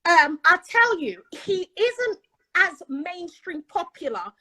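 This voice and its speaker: A woman's voice: extremely high pitch, sing-song, takes it slowly, sharp tone, poor audio. A British woman telling a personal story in casual chat, acting out the dialogue as she goes. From Britain. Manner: chatty, dramatic, acts out quoted dialogue. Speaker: guest.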